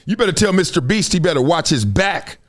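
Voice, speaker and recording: A middle-aged man from Compton, hosting a livestream and telling stories in slangy, animated talk. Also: a little high, brisk, faint music behind. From Compton, Los Angeles. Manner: storytelling, slangy, acts out others' voices. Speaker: host.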